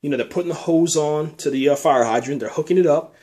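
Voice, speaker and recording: A man's voice: on the high side, quick pace, a little mellow. A man telling a nightmare in a loose, rambling way, swearing a lot and dropping "man" and "you know" all through. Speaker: storyteller recounting a nightmare. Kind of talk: casual rambling storytelling.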